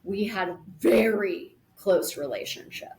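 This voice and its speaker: A woman talks in a reflective interview, earnest and unhurried, building her points through images. Her voice sits at an ordinary middle pitch for a woman. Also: a little mellow. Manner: earnest, thoughtful, explains with imagery. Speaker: podcast guest on grief.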